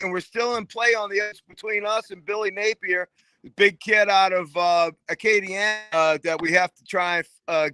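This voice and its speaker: High, bright-voiced man in sports chat. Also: clear, resonant tone, no echo, rough recording. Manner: emphatic, chatty, peppered with "you know". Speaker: sports radio co-host. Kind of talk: casual sports talk.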